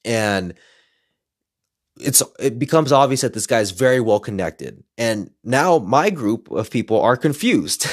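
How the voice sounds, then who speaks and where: Male podcaster, casual excited storyteller, mid-pitched, dry close sound. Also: moderate pace, no echo. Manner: excited, animated retelling with quoted voices.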